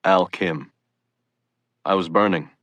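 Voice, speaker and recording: A man's voice: low-pitched, takes it slowly, a bit bright, no echo, muffled recording. A man reading first-person witness accounts for an audiobook in a plain conversational way. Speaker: audiobook reader.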